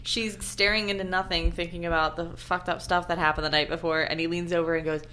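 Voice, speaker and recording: A woman's voice: fairly low pitch, brisk. A woman chatting casually about a film with friends, acting out the characters' lines as she goes. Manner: animated, acts out characters' lines. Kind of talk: casual movie review chat.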